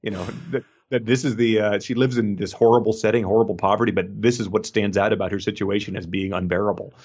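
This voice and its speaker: A man's voice: lowish voice, steady tone, fast, darkish tone, breathy edge, dull audio. A man co-hosting a podcast, chatting casually about a book, laid-back and laughing often. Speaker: podcast co-host.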